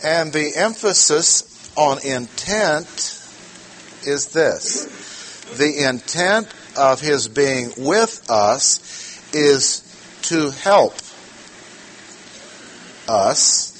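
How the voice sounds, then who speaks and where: A man teaching a sermon verse by verse, slow and deliberate, repeating his key words. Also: a little high, expressive, fairly bright tone, a little hiss or hum. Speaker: preacher. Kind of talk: expository Bible teaching.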